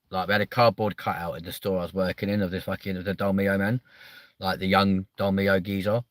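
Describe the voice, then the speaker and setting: A young man hosting a livestream, chatting in a rambling, sweary way that jumps up in pitch when he gets riled. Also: fairly bright tone, no room sound. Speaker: livestream host. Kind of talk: casual livestream chat.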